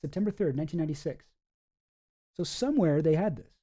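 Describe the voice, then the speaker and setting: A man's voice: a little high, animated, quick pace, warm tone. A man giving casual, rambling commentary with lots of fillers, reading documents aloud as he goes.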